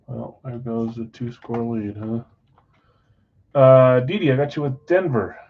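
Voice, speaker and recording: A man's voice: mid-range voice, fairly even intonation, unhurried. Casual male card-break host, easygoing, reading a list, slightly muffled stream audio. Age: adult, married. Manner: chatty, rattling off names and teams. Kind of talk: casual live-stream chat. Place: basement card room.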